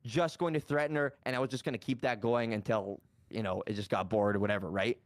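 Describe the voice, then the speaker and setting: A man's voice: fairly low pitch, fairly even intonation, quick pace, no echo. A man telling a story in a casual chat, rambling with many restarts and casual swearing. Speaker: guest streamer.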